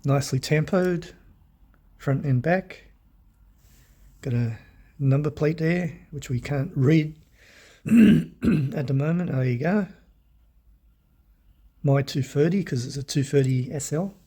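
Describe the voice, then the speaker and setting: A middle-aged Australian man with a croaky voice, rambling in a casual collector's vlog, clearing his throat often. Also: fairly high pitch, slow, pauses often, dark tone. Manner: rambling, friendly, many ums and uhs, throat clearing. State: hoarse, croaky from illness. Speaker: diecast collector vlogger. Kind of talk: casual show-and-tell vlog.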